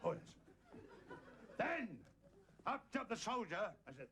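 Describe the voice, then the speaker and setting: A man's voice: sits high, big pitch swings, unhurried, long pauses, a bit bright. A male stage comedian reciting a comic poem, rambling and breaking off to joke and chuckle at himself. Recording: hissy old television recording. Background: audience laughter.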